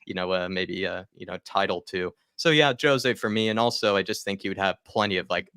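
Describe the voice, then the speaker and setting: Low bright-voiced man hosting a podcast. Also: fairly quick, clear, resonant tone, dry recording, clean studio sound. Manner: rambling, many fillers. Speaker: podcast host. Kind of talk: casual podcast chat.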